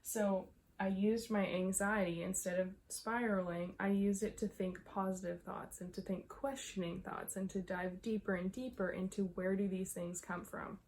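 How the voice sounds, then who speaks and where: A woman's voice: medium pitch, darkish tone. Young woman coach talking to camera, a bit out of breath, emphatic, faint hiss behind. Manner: emphatic, repeats herself, laughs often. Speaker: mindset coach. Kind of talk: casual talk to camera.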